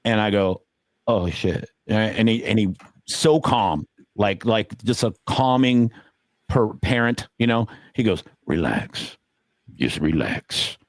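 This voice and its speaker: A middle-aged man on a podcast telling casual stories about dealing poker. He swears freely and acts out the quotes, with sudden jumps up in pitch. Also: fairly even intonation, takes it slowly, no echo, clean studio sound. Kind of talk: casual storytelling.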